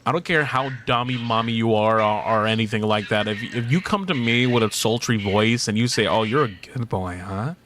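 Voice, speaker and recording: A man's voice: medium pitch, a little fast, few pauses, background noise. A man in his thirties streaming casually, reading chat aloud, playful and teasing, laughing often.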